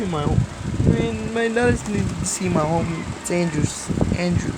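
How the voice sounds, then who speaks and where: Slow rambly vlogger, cussing every other word, giggly, fan humming loud in the back. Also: medium pitch, heavy background noise. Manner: profane, rambling, swears constantly, giggles between lines. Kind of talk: casual rambling vlog talk.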